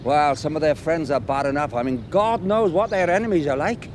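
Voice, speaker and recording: An actor playing a gossipy, excitable neighbour giving a statement in a TV police drama. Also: male voice, a little high, fairly quick, slight background noise, close to an everyday voice. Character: gossipy male neighbour witness.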